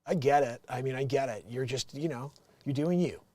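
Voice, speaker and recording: A man from New Jersey hosting a show, chatting casually and rambling with many restarts and lively swings. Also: medium pitch, fairly quick, slight background noise. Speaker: show host. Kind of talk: casual commentary.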